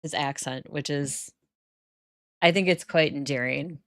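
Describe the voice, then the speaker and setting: A woman's voice: low voice, a little slow, no echo. A woman from the northern United States with an accent close to Canadian, chatting casually with her viewers while playing a life-sim game and laughing often. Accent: northern US, near Canada. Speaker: Sims gameplay streamer.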